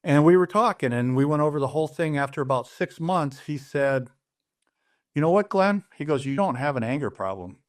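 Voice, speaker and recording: A middle-aged man, a guest in an interview, tells his personal story in a fairly high, expressive voice at a fairly quick pace. Earnest and plain-spoken, he often restarts his sentences while retelling conversations.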